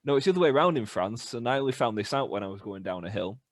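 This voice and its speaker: A young British man in a band, casually telling animated stories on a podcast and acting out the voices. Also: mid-range voice, very fast, dry recording. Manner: animated anecdotes with laughs and acted-out voices. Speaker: band member podcast host. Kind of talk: casual storytelling chat.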